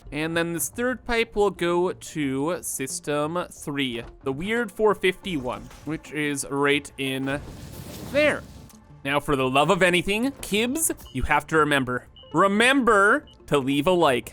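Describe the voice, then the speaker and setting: A man's voice: sits high, a bit bright. A man hosting a gaming video, giving chatty, playful let's-play commentary as he builds, talking to himself and to his viewers.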